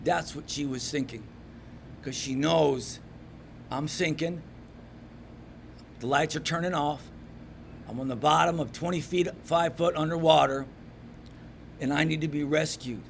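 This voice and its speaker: Guy telling a church story to men in a pub, high gravelly voice, goes loud then real quiet. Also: measured pace, pauses often, a little hiss or hum. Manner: animated, swings from loud emphasis to hushed asides. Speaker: men's ministry speaker. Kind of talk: storytelling devotional talk. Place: pub room.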